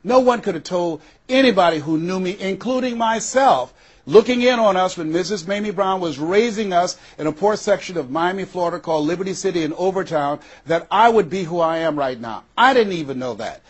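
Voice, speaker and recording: Older American male motivational speaker, husky and slightly high-pitched, dramatic pauses, acts out quotes. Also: expressive. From USA. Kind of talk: motivational speech.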